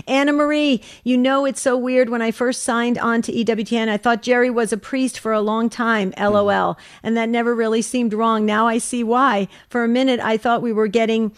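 Female co-host, bright higher voice, dry close mic, upbeat and chatty. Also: steady tone, moderate pace, few pauses, smooth, no echo. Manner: upbeat, reading listener comments aloud. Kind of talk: casual radio talk show.

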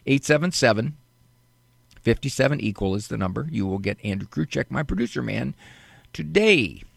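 A man's voice: medium pitch, expressive, moderate pace, gravelly, slightly rough, no room sound. A man hosting a live call-in radio show from a studio, talking in a playful, joking way and showing off big words for laughs.

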